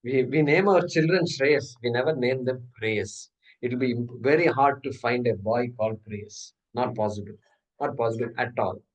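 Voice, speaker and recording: A man's voice: mid-range voice, moderate pace, far from the mic, poor audio. A man teaching a scripture class, explaining step by step with rhetorical questions and chanting Sanskrit terms. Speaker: Vedanta teacher. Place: class hall.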